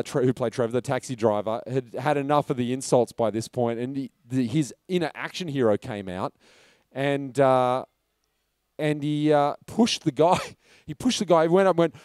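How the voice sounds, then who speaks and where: A man's voice: mid-range voice, moderate pace, darkish tone, clear, resonant tone, dry recording, studio quality. A man, a film director telling a loose, chatty anecdote at a live talk in a pub. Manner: casual storytelling, loose and chatty. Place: pub function room.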